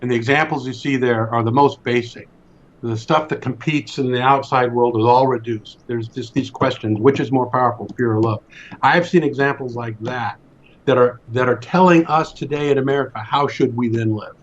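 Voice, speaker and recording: A man's voice: mid-range voice, steady tone, moderate pace, muffled recording. Earnest man telling a story emphatically. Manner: emphatic, repeats words as he builds a point. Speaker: speaker in a faith discussion.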